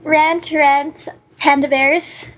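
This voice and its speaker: A young woman, a newcomer voice actor, chatting bashfully and giggling like an excited fan. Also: sits high, extremely slow. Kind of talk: casual podcast chat over a call. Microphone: online voice call. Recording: dull lo-fi call audio.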